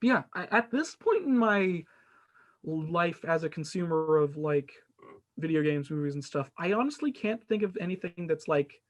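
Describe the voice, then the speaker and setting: A man's voice: on the high side, expressive, normal speed. A young man hosting a casual podcast, rambling with many restarts and fillers. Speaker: podcast host. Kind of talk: casual chat.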